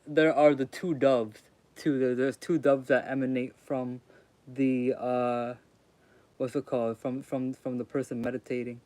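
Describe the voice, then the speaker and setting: A man's voice: medium pitch, level tone, unhurried, darkish tone, no echo. A young man streaming live, rambling casually as he reads and answers chat in slangy talk. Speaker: streamer reading aloud. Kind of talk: casual livestream commentary.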